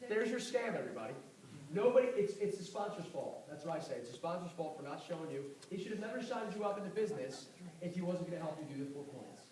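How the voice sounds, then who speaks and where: A man giving a fast, animated motivational talk on network marketing to a live audience, telling stories with a confrontational edge. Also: on the high side. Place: event hall with audience. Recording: echoey room, far mic, audible noise.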